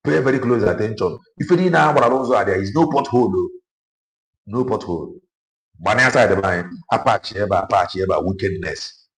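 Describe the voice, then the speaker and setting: A man's voice: fairly low pitch, expressive, fairly quick, low-quality recording. A man with a Nigerian accent giving casual commentary from inside a car, repeating his points with emphasis. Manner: emphatic, repeats phrases for effect. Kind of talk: casual spoken commentary mixing Igbo and English.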